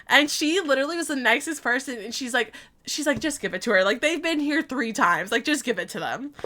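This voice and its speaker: A woman's voice: high-pitched, lively intonation, fairly quick, pushed and bright. A woman in her twenties chatting casually while streaming a game, telling stories with frequent laughs and quoted asides. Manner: chatty storytelling, laughing often, quoting herself.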